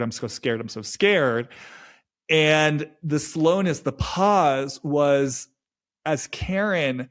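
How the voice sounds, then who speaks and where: A man hosting his own podcast, talking alone in a reflective, halting way and repeating phrases as he searches for words. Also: mid-range voice. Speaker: podcast host. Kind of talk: reflective solo monologue.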